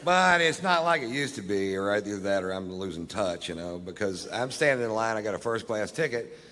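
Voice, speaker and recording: A stand-up comedian telling stories on stage in a laid-back, deadpan, profane manner. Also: male voice, lowish voice, fairly quick. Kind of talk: live stand-up storytelling. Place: live comedy venue on stage. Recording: live venue with reverb and crowd.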